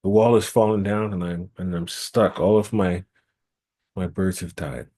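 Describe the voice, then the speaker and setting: A man's voice: low voice, fairly even intonation, unhurried, warm tone. A man voicing Mofani, a kind, honest farmer who talks in an earnest, pleading way. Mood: distressed.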